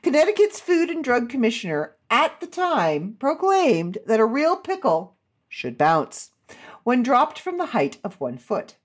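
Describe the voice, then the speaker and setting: A woman's voice: on the high side, wildly swooping pitch, unhurried. A woman host in casual chat, reading out odd laws with chatty, amused asides.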